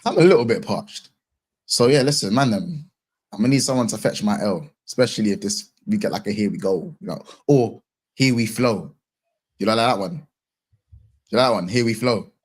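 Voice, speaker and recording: A man with a husky, slightly breathy voice co-hosts a football live stream. His pitch swings widely as he jokes and teases in playful banter. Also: lively intonation, a little fast. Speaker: co-host. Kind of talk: casual live-stream chat.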